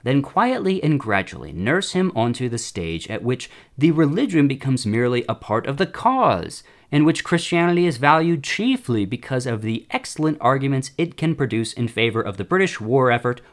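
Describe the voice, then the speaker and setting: Scheming elder demon read by a man, formal letter voice, measured and lively in pitch. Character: scheming elder male demon giving advice.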